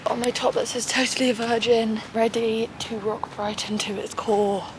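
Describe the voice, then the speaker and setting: A young woman in her twenties, vlogging in casual chat to camera, candid and quick with asides, filmed on a handheld camera. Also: on the high side, fairly even intonation, very noisy. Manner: chatty and candid, swearing freely, quick asides. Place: at home, then outdoors.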